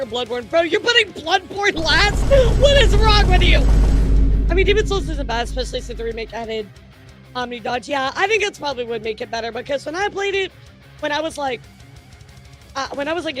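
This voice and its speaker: High, giggly woman streamer. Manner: giggly, animated, swears casually. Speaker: VTuber news streamer. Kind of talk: casual live-stream chat.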